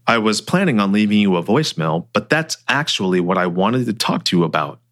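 A man voicing a calm, firm male client and mentor who speaks in a measured, sometimes hesitant way. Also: fairly low pitch.

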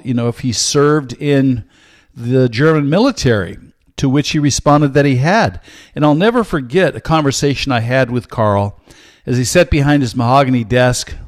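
A man in his sixties hosting a podcast as a Bible teacher, giving a measured, earnest solo talk with frequent hesitant fillers. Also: medium pitch, no room sound, studio quality.

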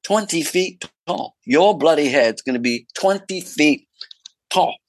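A man's voice: on the high side, animated, unhurried, dry recording, voice pushed up. A man voicing a brash male film director with an Australian accent, repeating himself emphatically and calling the listener mate. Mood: emphatic, chummy.

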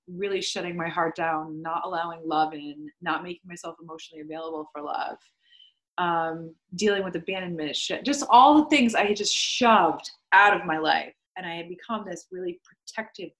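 With a fairly bright voice on the low side, a young woman guesting on a podcast recounts her story in casual, candid speech. Her chatter is packed with "like" fillers and the occasional swear word.

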